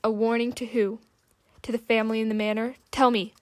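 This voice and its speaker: A fierce, impatient young man, read by a woman narrating an audiobook, who makes loud demands through gritted teeth. The voice sits fairly high and stays in a narrow band. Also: steady tone, moderate pace, lightly acted. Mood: furious. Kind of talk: audiobook character reading.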